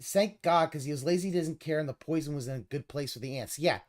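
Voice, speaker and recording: A woman's voice: low-pitched, fast, a little mellow. A woman streamer reacting to a video in an exasperated, sarcastic, profane rant, now and then mocking the person she is watching. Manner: exasperated, sarcastic, swears a lot, mocking voices. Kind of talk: profane ranting reaction commentary.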